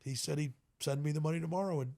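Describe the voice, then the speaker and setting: Gravelly middle-aged man telling stories. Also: on the high side, quick pace. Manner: animated, tells stories with quoted voices and frequent laughs. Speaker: guest, custom motorcycle builder. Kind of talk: casual storytelling in a podcast interview.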